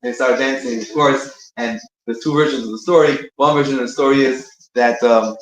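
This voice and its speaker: A man's voice: mid-range voice, fairly even intonation, moderate pace. Rambling man teaching in an echoey room. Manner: rambling, searching for words, many restarts. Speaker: speaker giving a short talk between prayers. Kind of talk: informal teaching talk. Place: synagogue room.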